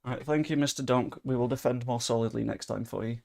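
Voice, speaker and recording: Gravelly young man commentating gameplay. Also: medium pitch, fast. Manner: chatty, swearing, excitable bursts. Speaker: gaming streamer.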